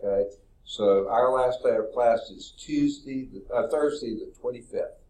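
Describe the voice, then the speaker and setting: Speaking a little slowly, a math professor lectures his class in a mid-range, slightly mellow voice. He rambles, reasons out loud, and punctuates it all with frequent okays.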